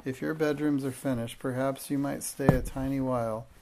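A man voicing a kind, gentle little girl who speaks in a warm, reassuring way in a storybook reading. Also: mid-range voice, fairly even intonation, normal speed, heavy background noise, lightly acted. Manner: warm, reassuring, soft-spoken.

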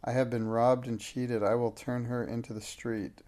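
A man's voice: medium pitch, level tone, normal speed, dark tone, close to an everyday voice. A man reading the part of a furious, haughty middle-aged schoolmistress in a fierce, bitter manner.

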